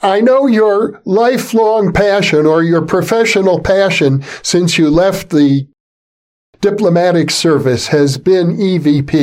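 An older man hosting an interview, introducing his guest in a calm, deliberate way. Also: sits high. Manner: measured, deliberate delivery. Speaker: interview host.

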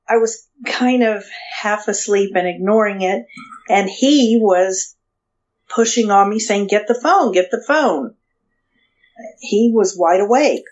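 A woman being interviewed as a guest, telling a personal story in a halting way with frequent restarts. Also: medium pitch, a little mellow. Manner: hesitant, halting with restarts and fillers. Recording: dull lo-fi sound.

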